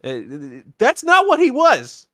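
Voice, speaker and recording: A man's voice: extremely high pitch, huge pitch swings, measured pace, pushed and bright, no echo, studio quality. A man hosting a podcast, casually retelling a movie and acting out the characters' lines with lots of stammered restarts. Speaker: podcast host. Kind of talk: casual movie rewatch chat.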